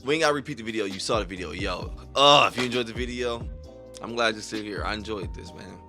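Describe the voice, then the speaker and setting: A young man hosting a reaction video, excitable and slangy, sometimes dropping to a near-whisper. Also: fairly low pitch, quick pace, soft background music.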